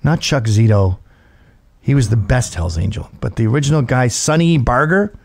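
A man's voice: mid-range voice, normal speed. A man in his fifties, a show host, telling a comedic story with lots of swearing and acted-out quotes. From Britain. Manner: profane, animated, acts out quotes.

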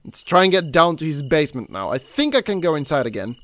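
Jumpy gamer man with a lively voice. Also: fairly high pitch, fast. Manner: jumpy, swears, shouts at the game character. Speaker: gameplay commentator. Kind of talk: casual let's play commentary.

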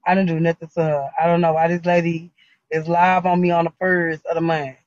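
A man's voice: fairly high pitch, flat delivery, a little fast, no echo, highs cut off. A man hosting a casual livestream chat, complaining over and over in an exasperated way and laughing often. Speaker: livestream host.

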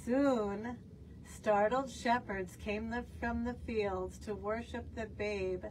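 A woman reading a picture book aloud for young children, expressive and asking them questions. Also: on the high side, slow, recorded from a distance, a little hiss or hum. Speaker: children's storyteller. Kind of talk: storytime read-aloud.

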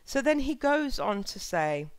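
A woman's voice: on the high side, sing-song, a little slow, clear, resonant tone, dry recording. Earnest woman giving a spiritual talk. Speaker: spiritual channel host.

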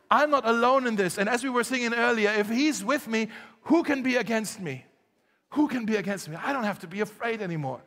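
Pastor preaching in a reverberant church. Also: male voice, high-pitched, fairly bright tone. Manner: storytelling, conversational with laughs, rising to emphatic exhortation. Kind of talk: sermon. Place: church hall.

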